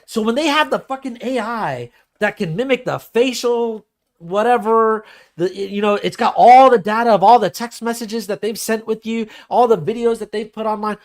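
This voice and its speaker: A man hosting a podcast, talking in an animated, profane way and acting out the voices of people he quotes. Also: sits high, moderate pace. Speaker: podcast host. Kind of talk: casual podcast discussion.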